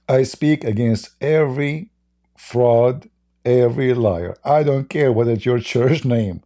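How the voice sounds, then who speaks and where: Brief: man, livestream debate host, mellow dark tone, blunt and scoffing. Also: slow pace. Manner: laughs often, blunt and mocking, mimics callers in higher voice. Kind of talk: casual livestream debate talk.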